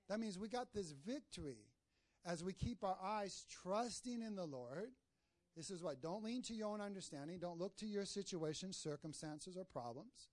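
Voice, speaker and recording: A man's voice: high-pitched, a little mellow, no room sound. A man preaching a sermon, asking the congregation for amens and telling a story partway through. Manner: call-and-response, asks the congregation for amens; tells jokes and stories mid-sermon.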